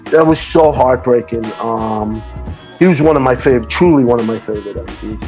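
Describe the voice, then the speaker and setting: Man, middle-aged, podcast guest, casual storyteller, acts out quotes, mid pitch, faint music behind. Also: moderate pace. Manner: animated, acts out quoted voices.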